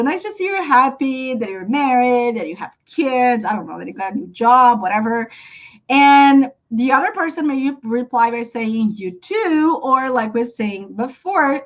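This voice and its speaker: Brief: Brazilian-accented woman English teacher, high and very animated, dull lo-fi stream sound. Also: moderate pace. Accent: Brazilian Portuguese. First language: Portuguese. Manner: animated, acts out example phrases with big pitch jumps. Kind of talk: live online English lesson.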